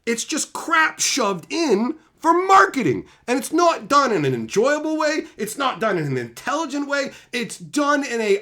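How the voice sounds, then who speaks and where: Male channel host, fairly high voice that swoops a lot, sarcastic profane rant. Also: wildly swooping pitch, moderate pace, hardly any pauses, sharp tone. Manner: heated, sarcastic, swears constantly; mocking voices of imagined critics.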